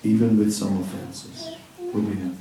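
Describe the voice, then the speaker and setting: A man's voice: fairly low pitch, wildly swooping pitch, normal speed. A man giving a devotional talk, earnest and reassuring, repeating words for emphasis. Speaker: spiritual teacher. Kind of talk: devotional talk answering a question. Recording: echoey room, distant mic, faint noise.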